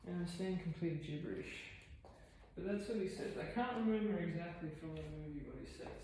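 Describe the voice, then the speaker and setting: A woman's voice: lowish voice, normal speed, warm tone, a little hiss or hum. A woman fitness vlogger chatting casually between sets of a home workout, rambling and self-deprecating with lots of fillers. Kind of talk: casual chat while working out. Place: room at home. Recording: echoey room, mic at a distance.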